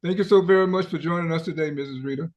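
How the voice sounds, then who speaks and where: A male radio host with a slightly high voice delivers his health show in a preacherly manner. He keeps turning to his listeners as brothers and sisters. He talks into a studio microphone. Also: very fast, darkish tone.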